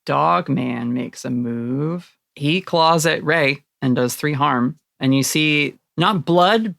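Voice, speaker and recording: Woman game master, gravelly, dry close sound, lively narration, laughs a lot. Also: very deep voice, dry recording. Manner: lively, laughs often, voices characters.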